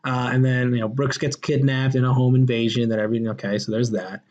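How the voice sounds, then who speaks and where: A man's voice: mid-range voice, level tone, fast talker, a little mellow. A man hosting a podcast, chatting casually and acting out movie scenes in put-on voices. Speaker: podcast host. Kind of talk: casual movie review chat. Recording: dull lo-fi podcast audio.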